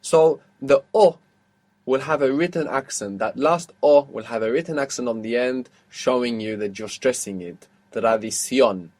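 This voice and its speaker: A man's voice: medium pitch, darkish tone. Patient man teaching a language lesson. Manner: patient, questioning, repeats words slowly.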